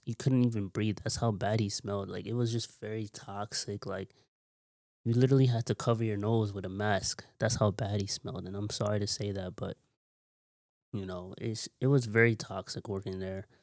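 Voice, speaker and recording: A man telling a long, rambling story in a casual vlog, repeating himself and filling pauses with "like". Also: fairly low pitch, fairly even intonation, a little mellow, no echo, clean studio sound. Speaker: vlogger.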